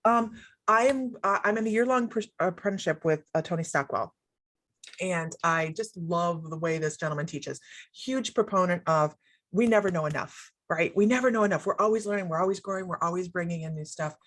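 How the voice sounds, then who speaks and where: A woman's voice: fairly low pitch, a little fast, a bit bright. A middle-aged woman chatting as a guest, bubbly and rambling, often breaking into laughter. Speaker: guest, psychic medium. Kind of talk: casual chat.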